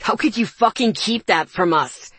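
A woman voicing a furious young man, a betrayed older brother, shouting through clenched teeth in an audiobook. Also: medium pitch, animated, normal speed, husky, no room sound.

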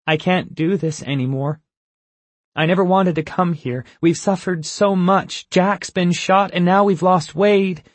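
A high, pleading teenage girl's voice, put on by a man reading the story. She sounds distraught and urgent, her voice pushed well above his usual low register. The husky, dry tone of the reader still shows through. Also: animated, measured pace, darkish tone, dry recording, full character voice. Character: upset teenage girl who wants to go home.

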